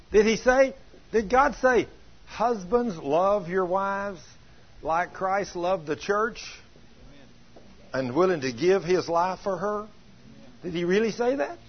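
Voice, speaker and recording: High-voiced, husky preacher. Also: male voice. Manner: folksy, rising to shouts, asks the congregation questions. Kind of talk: sermon with retold testimony. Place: church. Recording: dull lo-fi sermon recording.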